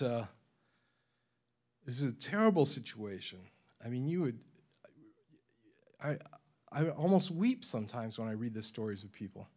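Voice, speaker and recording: A man giving a talk to a forum audience in a university lecture room. He tells his stories with energy and chuckles between points. His pitch sits at an ordinary middle level for a man. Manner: animated storyteller, acts out quoted voices, laughs often. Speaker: forum speaker.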